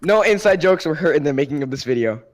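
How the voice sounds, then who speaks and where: A man's voice: on the high side, animated, fast. A young man co-hosting a podcast, talking in offhand, mumbled banter with friends. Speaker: podcast co-host. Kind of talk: casual chat.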